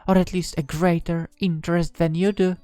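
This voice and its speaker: Cast: cheeky, cheerful young woman mage in a visual novel, as a man puts her on, high and bouncy, dry close sound, soft music behind. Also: little pitch movement, normal speed, clean tone, no room sound, lightly acted. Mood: teasing. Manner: teasing, bright, playful.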